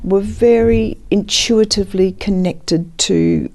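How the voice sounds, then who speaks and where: Soft-toned woman, thoughtful and searching. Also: mid-range voice, slow pace, creaky. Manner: thoughtful, searching for words, many restarts. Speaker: grief and loss counselor, former midwife. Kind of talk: reflective interview talk.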